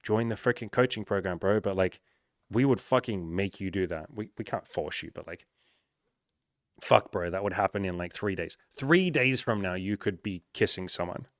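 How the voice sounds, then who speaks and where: A man in his thirties giving blunt dating advice to a viewer, swearing freely and breaking into loud hyped-up bursts. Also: deep voice, moderate pace, dry recording. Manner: swears often, loud bursts of hype, calls listener bro. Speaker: dating coach. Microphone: home microphone. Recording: dry close mic, some noise.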